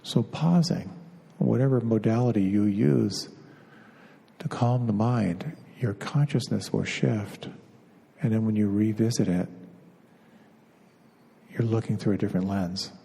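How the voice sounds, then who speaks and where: A middle-aged man, a meditation teacher, giving an unhurried spiritual talk, pausing and repeating words as he goes. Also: lowish voice, creaky, dark tone, husky. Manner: unhurried, halting, often repeats words as he searches. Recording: long reverb of a hall.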